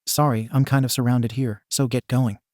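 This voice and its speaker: Man doing brash teen swordsman, cocky, teasing, mellow low-key voice, brief fan-story read. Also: flat delivery, moderate pace, no echo, clean studio sound, natural voice.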